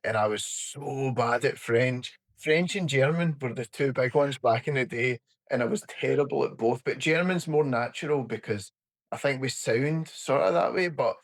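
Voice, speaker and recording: Male podcast host, strong working-class Scottish accent, casual and agreeable. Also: medium pitch. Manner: chatty, agreeable, quick to laugh. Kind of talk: casual interview chat.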